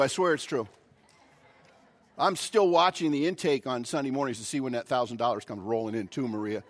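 A male pastor preaching a sermon, opening with a folksy, animated story. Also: medium pitch, normal speed, pauses often, a faint crowd.

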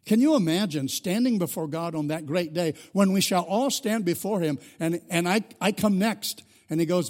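A man's voice: sits high, normal speed, hardly any pauses, a little mellow. A middle-aged male pastor delivering a sermon, earnest and building to fervent emphasis.

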